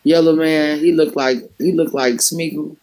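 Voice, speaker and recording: A man's voice: a little high, steady tone, moderate pace, a little mellow, low-quality recording. A man hosting a livestream, telling a story in a loose, rambling way with many filler words. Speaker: livestream host; former home health care worker. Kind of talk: casual storytelling chat.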